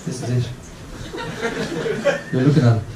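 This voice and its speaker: A man's voice: mid-range voice, steady tone, moderate pace, reverberant, heavy background noise. An Irish man in his thirties doing a rambling, self-interrupting stand-up comedy set in a small bar venue. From Ireland.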